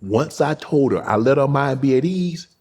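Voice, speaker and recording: A man hosting an interview, telling a heartfelt personal story slowly and quietly. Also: medium pitch, lively intonation, husky. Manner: slow, heartfelt storytelling, dropping soft at emotional points. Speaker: host. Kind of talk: casual interview talk.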